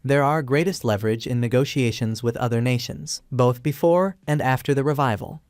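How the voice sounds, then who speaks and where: A man narrating a comic story recap in a steady, even reading. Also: medium pitch, brisk, no room sound.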